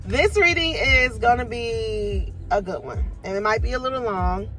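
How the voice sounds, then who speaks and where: A woman's voice: a little high, expressive, normal speed, fairly bright tone, soft background music, low-quality recording. A woman, chatting casually and animatedly from her parked car as a tarot reader, laughing and swearing freely. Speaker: tarot reader and life coach. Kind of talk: casual chat to camera.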